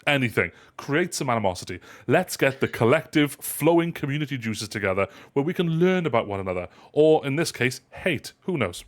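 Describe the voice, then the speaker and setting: Man, stream host, lively rising and falling pitch, playful, rambling chat. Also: fairly quick, hardly any pauses. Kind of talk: casual live stream chat.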